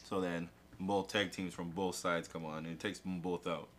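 A man's voice: deep voice, little pitch movement, moderate pace, fairly bright tone, a little hiss or hum. A man co-hosting a casual chat show, animatedly retelling events and acting out quotes, swearing casually. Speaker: podcast co-host. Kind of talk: casual chat recapping wrestling.

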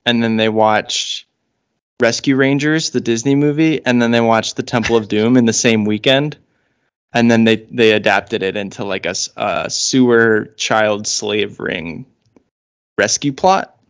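A man's voice: lowish voice, unhurried, smooth. A man co-hosting a podcast, chatting casually in a wry, rambling way with frequent fillers. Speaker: podcast co-host.

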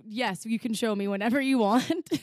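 A woman's voice: on the high side, a little slow, a little mellow, no echo, studio quality. Bubbly jokey woman podcast host. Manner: bubbly, jokey, laughs often. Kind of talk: casual podcast chat.

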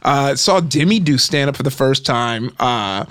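Animated storytelling man, very dry sound. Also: unhurried, no echo. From Nigerian family background. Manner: animated storyteller, acts out quotes with jumps in pitch. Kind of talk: casual chat.

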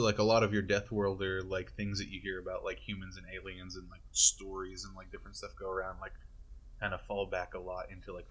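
A man with a low, slightly husky voice chats casually as a podcast co-host. He rambles through long explanations, stacking fillers as he goes. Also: fairly bright tone. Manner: rambling, filler-heavy storytelling. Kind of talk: casual chat.

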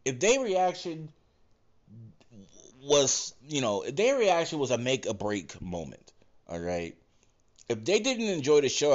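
A man talking off the cuff on his podcast, his pitch jumping around a lot as he rambles. He swears freely and trips over restarts and fillers. The recording sounds dull and lo-fi. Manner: profane, meandering, lots of fillers and self-corrections. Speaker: podcast host. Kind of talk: casual rambling monologue.

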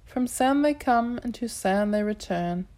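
A woman's voice: on the high side, animated, a little mellow, voice pushed up. A woman voicing a purring, playful cat goddess. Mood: brisk amused. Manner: purring, amused, brisk. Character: playful, feline goddess woman, teasing and confident. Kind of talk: audiobook character voice.

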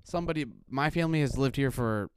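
A Midwestern man co-hosts a casual podcast, rambling along and peppering his speech with "like." His voice sits at a medium pitch and moves fast, with a bit of background noise.

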